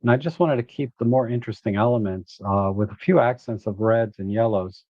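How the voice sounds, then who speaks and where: A man hosting a live photo editing walkthrough, relaxed and thinking aloud as he works. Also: fairly low pitch, fairly quick, no echo, dull audio.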